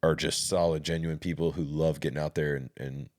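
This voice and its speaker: A man's voice: extremely low pitch, level tone, fairly quick, a little mellow. A man telling stories from police work as a podcast guest, laughing often. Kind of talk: casual storytelling.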